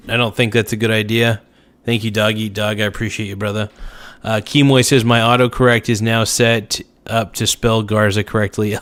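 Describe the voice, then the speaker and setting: A man hosts a casual livestream and reads viewer comments aloud. He answers each one with jokes and teasing. His drawl is unhurried, sitting at a mid pitch, and now and then he breaks into a loud outburst. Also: fairly even intonation. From United States. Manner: joking, riffing, slow drawl with sudden outbursts. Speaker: livestream host.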